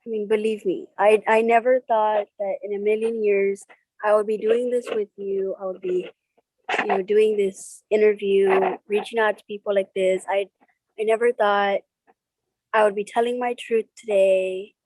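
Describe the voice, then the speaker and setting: A woman speaking as an interview guest over a video call, slow and halting, getting tearful at times. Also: mid-range voice, little pitch movement, a little mellow, no echo, rough recording.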